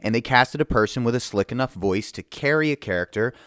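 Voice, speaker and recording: A man's voice: mid-range voice, fairly quick, no room sound, clean studio sound. Man ranting in a casual, profane commentary. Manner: animated, profane, mocking impressions. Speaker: video commentator.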